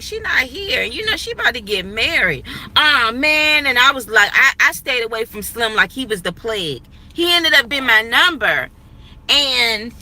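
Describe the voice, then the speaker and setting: A woman's voice: a little high, bright, forceful tone, low-quality recording. A woman in her thirties telling a personal story straight to her viewers in an emphatic, repetitive way, recorded on a phone while riding outdoors. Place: in a moving vehicle outdoors, going under a bridge.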